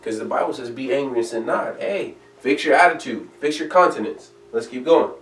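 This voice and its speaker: A man's voice: mid-range voice, expressive, brisk, fairly bright tone. Emphatic preacher man, echoey and distant. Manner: emphatic, conversational preaching, reads King James verses aloud. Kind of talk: sermon with scripture reading.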